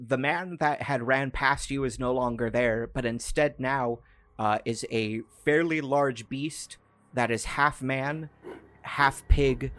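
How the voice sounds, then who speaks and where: A man's voice: medium pitch, a bit bright, a little hiss or hum. A man narrating a tabletop game as game master, casual and full of filler words.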